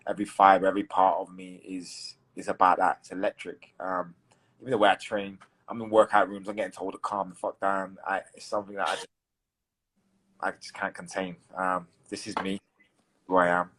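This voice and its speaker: Casting: male guest, low husky voice, lively delivery. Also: brisk. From England. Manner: energetic, laughs loudly. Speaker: guest fighter. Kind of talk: casual chat.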